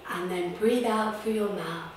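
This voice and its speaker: This woman leads children through story-time yoga in a mid-range voice, speaking a little slowly. Playful gasps and beeping sounds punctuate her guidance, and the distant, echoey recording carries a bit of hiss or hum.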